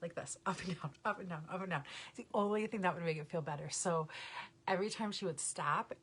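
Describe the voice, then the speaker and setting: A woman's voice: on the low side, fast, slight background noise. A woman hosting a live makeup tutorial, chatting casually, laughing often and greeting viewers by name. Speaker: makeup vlogger, mother.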